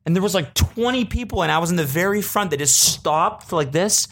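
A young adult man hosting a solo podcast, telling comedic stories casually and profanely, bursting into animated rants. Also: brisk. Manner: animated, swings into loud high-pitched rants when quoting himself. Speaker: podcast host.

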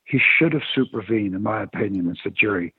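Husky man telling stories over a phone line. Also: fairly low pitch, a little fast, no echo. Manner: animated storyteller. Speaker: former sports agent. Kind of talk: storytelling interview on radio. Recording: tinny phone-line radio sound.

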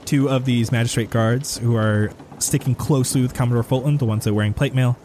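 A male game master narrates a tabletop adventure in a steady, descriptive voice of middle pitch. His pacing stays even and unhurried as he sets each scene. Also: slight background noise.

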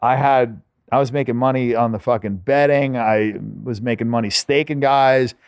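A man's voice: medium pitch, fairly even intonation, moderate pace, smooth, dry recording. A man telling stories as a podcast guest in a laid-back, profane way, full of filler words. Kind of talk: casual storytelling.

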